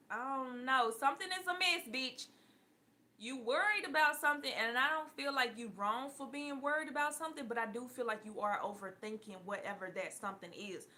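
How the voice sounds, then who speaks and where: With a slightly high voice, a tarot reader talks casually and bluntly to her viewers, swearing, laughing frequently, and at times raising her volume.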